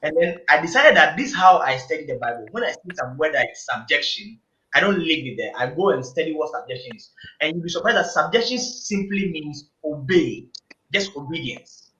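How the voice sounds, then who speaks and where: A man's voice: a little high, expressive, a little fast, pushed and bright. A man, a panel guest in a casual group discussion, talking emphatically and preachily and repeating phrases for emphasis. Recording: echoey room, dull lo-fi sound.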